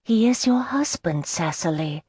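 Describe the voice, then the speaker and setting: A woman voicing an excitable, playful young Regency lady in an audiobook, eager and quick to squeal with delight. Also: lowish voice, slightly rough, dry recording, studio quality. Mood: gentle. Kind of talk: audiobook character voice.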